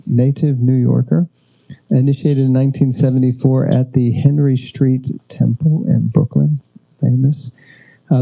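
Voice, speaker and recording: A man's voice: mid-range voice, creaky, dark tone, low-quality recording. A man hosting a temple gathering, introducing the next speaker with dry teasing jokes. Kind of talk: joking introduction.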